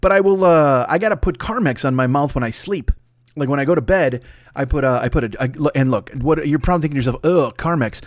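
A man's voice: on the high side, no echo. Rambling profane podcast guy, dry sound. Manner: rambling, profane, self-mocking, fast-talking. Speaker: podcast host. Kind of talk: solo podcast monologue.

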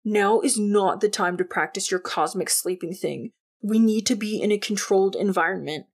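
A woman's voice: mid-range voice, moderate pace, natural voice. A woman reading an audiobook, voicing a teenage boy who talks in a dry, bossy, sarcastic way. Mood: urging. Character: cautious, sarcastic teen boy Jordan.

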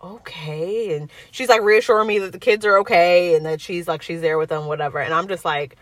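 Telling a personal story in casual conversation, this young woman speaks fast in a voice on the low side, with no echo. She animatedly performs the voices of those she quotes.

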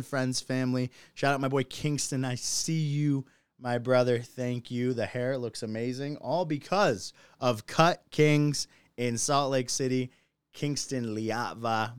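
A man hosting a casual live-streamed podcast, chatty and excitable, laughing often. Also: mid-range voice, clean tone, no room sound. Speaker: podcast host. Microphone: phone or computer mic on a live stream.

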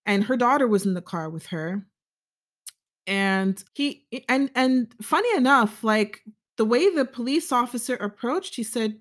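A woman vlogger telling a story to camera in a casual, measured way, with frequent fillers and self-corrections. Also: a little high, expressive.

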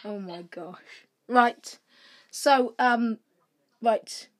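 A young woman co-hosting a casual podcast, her voice sitting a little high. She rambles and laughs at herself as she talks. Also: drawn-out words. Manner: giggly, rambling, self-deprecating. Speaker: podcast co-host. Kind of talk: casual chat.

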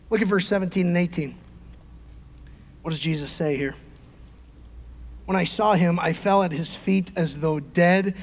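A middle-aged male pastor preaching a sermon, emphatic, swinging from shouted peaks to quiet conversational asides. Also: on the high side. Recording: long hall reverb.

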